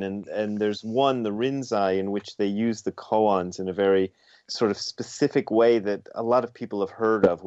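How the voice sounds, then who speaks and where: Male interview guest: low voice, thoughtful and explanatory, on a dry lo-fi line. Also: darkish tone, no room sound. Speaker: author and guest.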